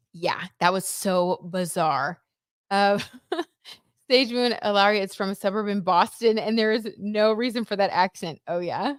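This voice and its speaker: A woman hosts a casual tarot livestream, chatting loosely and reading viewer comments aloud, often saying "like" and "I don't know." Her medium-pitched voice has a clean tone, no echo, and clean studio sound.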